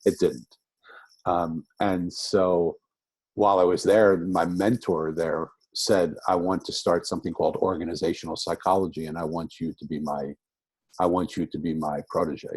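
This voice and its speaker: Older man, rabbi, storytelling, restarts often, very low pitch, husky. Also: little pitch movement, moderate pace, darkish tone, dry recording. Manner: rambling, reflective, with many restarts. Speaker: guest, rabbi. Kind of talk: storytelling in an interview.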